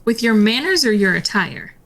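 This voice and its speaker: A woman's voice: a little high, big pitch swings, normal speed, fairly bright tone. A woman playing a tabletop game, describing her character's actions wryly. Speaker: player. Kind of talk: tabletop role-play.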